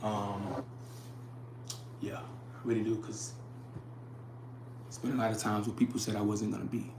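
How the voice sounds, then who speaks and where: A man's voice: on the low side, flat delivery, unhurried, creaky, darkish tone, roomy sound, slight background noise. A young man hosting a casual livestream, talking earnestly, repeating his phrases and reading chat comments aloud. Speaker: livestream host.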